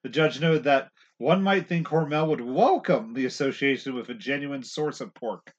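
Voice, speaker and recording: A man's voice: medium pitch, expressive, moderate pace, muffled recording. A man co-hosting a casual movie podcast, chatting and laughing often. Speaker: podcast co-host.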